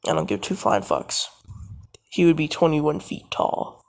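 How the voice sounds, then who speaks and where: A man improvises a fan-made story in a loose, casual way, wandering into profane asides. His delivery is slow and gravelly, and his pitch rises and falls a lot. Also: very animated.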